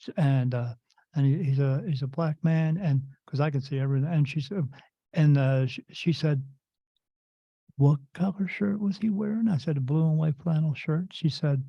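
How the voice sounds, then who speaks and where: Male podcast host, rambling storyteller, higher-pitched, muffled lo-fi sound. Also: moderate pace, gravelly, dry recording. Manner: rambling, with frequent restarts and quoted dialogue. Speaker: podcast host and spirit medium. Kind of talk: casual conversational storytelling.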